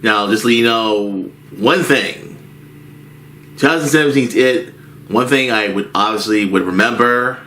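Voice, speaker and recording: A man's voice: fairly low pitch, a little slow, sharp tone, a little hiss or hum. A man telling a rambling story from his movie theater job as a casual rant, with frequent restarts.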